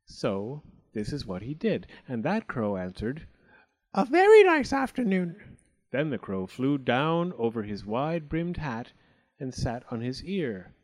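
A man narrating a storybook aloud in an expressive way, slipping into character voices. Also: medium pitch, unhurried.

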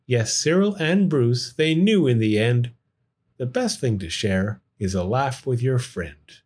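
A man reading a rhyming children's picture book aloud in an expressive, sing-song way. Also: mid-range voice, unhurried, slightly rough. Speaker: storyteller. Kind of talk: storybook read-aloud in rhyme.

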